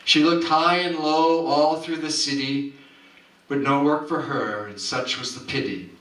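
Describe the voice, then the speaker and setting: A man's voice: fairly high pitch, fairly even intonation, measured pace, fairly bright tone. A man at a community coffeehouse reciting a rhyming story poem with rhythmic, theatrical delivery. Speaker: performer. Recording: roomy hall, distant mic.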